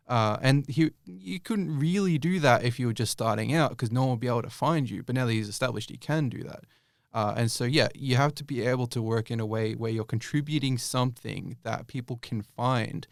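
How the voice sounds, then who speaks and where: A man's voice: medium pitch, lively intonation, a little fast, creaky, no echo, clean studio sound. A young man answering interview questions casually, rambling with many fillers and restarts. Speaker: YouTube creator guest.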